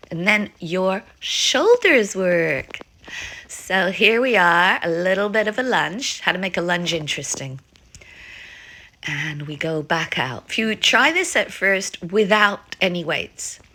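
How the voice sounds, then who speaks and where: Older woman, chatty fitness teacher at home, clear bright voice, mixes in French phrases. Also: medium pitch. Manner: chatty, laughs often, mixes French and English. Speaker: Pilates and ballet instructor. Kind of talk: casual exercise instruction. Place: home, France.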